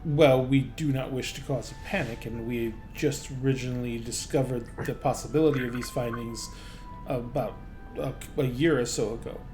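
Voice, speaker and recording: A man voicing an older male gnome scholar who speaks slowly and cautiously. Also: mid-range voice, fairly even intonation, a little mellow, faint music behind, pitched below the performer's own voice, natural voice.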